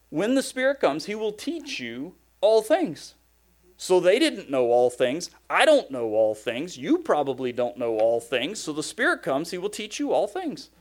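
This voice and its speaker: A pastor delivering a sermon in a somewhat high voice for a man. He talks conversationally, but he keeps hammering his points with short repeated phrases.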